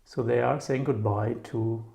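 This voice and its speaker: A man's voice: medium pitch, steady tone, a little slow, creaky, mellow. A man teaching vocabulary in a casual, musing way, often checking in with "yeah?" and repeating words aloud. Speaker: German teacher. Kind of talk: casual explanatory lesson.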